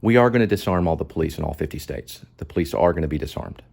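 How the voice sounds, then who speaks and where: A man with a deep, low-pitched voice comments on a video as the host of his own show. He talks emphatically and preachily, circling back to repeat his key points. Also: fast, creaky, few pauses, a little mellow, breathy edge. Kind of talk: impassioned commentary.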